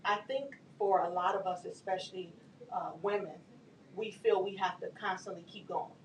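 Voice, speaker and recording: A woman's voice: mid-range voice, normal speed. A woman guest on a talk show, speaking earnestly and agreeing with the others. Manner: affirming, earnest. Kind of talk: casual studio discussion. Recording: echoey studio, mic at a distance.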